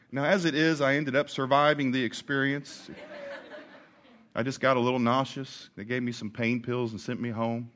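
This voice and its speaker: A man preaching a sermon, telling a story about himself with lively humor and laughter. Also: medium pitch, moderate pace, slight background noise. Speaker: pastor.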